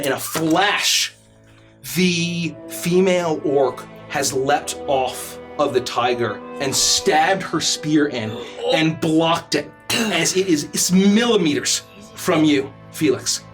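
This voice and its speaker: A man running a tabletop game, narrating in a slow, halting way with plenty of fillers and restarts, his voice sitting fairly high. Faint music plays behind him. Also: fairly bright tone. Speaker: game master.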